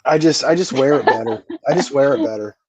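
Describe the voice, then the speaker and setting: A man's voice: mid-range voice, fast, a crowd in the background. A man co-hosting a comedy podcast, teasing the host and tripping over his words. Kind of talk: casual comedy podcast chat.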